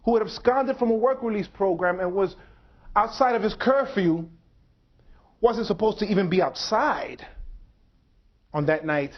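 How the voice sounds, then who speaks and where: High-pitched man giving a measured talk. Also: expressive. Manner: measured, dramatic pauses. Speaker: speaker. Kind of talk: public lecture. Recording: dull lo-fi lecture recording.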